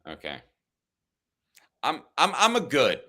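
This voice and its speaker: A man's voice: mid-range voice, huge pitch swings, slow pace, bright, forceful tone, slightly rough. A middle-aged man co-hosting a casual sports talk podcast, arguing and teasing his partner. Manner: argumentative, teasing. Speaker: podcast co-host.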